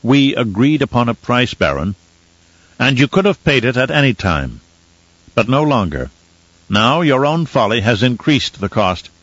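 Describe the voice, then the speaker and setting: A man voicing a calculating male envoy who speaks in a firm, measured manner, in a dull, dry recording. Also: medium pitch, sing-song, fairly bright tone, no room sound, voice pushed up. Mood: cool.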